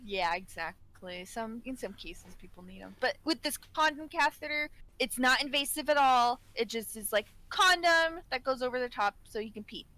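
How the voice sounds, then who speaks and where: A woman's voice: fairly high pitch, animated, normal speed, hardly any pauses, bright, forceful tone, rough recording. A woman co-hosting a casual podcast, telling a work story and laughing often as she talks. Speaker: podcast co-host, care worker.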